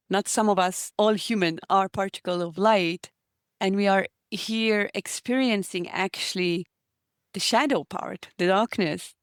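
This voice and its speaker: A woman's voice: fairly low pitch, no room sound, clean studio sound. A woman guest, an author, telling personal stories in an earnest, heartfelt way during an interview. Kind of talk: reflective interview conversation.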